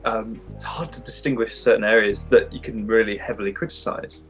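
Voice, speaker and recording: A man co-hosting a casual movie chat, speaking haltingly with many restarts. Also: lowish voice, fairly even intonation, a bit bright, faint music behind. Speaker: co-host.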